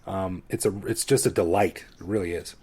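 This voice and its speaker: A Canadian man in his forties co-hosting a podcast, talking in a relaxed, self-deprecating way. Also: deep voice, fairly quick, husky. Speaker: podcast co-host. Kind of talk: casual chat.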